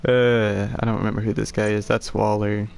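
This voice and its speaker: A man's voice: fairly low pitch, level tone, moderate pace, creaky, darkish tone, smooth. A man streaming a game with friends, joking around and reading in-game entries aloud in a playful way.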